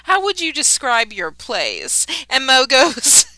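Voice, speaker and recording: A woman's voice: high-pitched, wildly swooping pitch, slow, bright, forceful tone, no room sound. A woman co-hosting a podcast, giggling as she recaps a cartoon episode and quotes its lines. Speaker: podcast co-host.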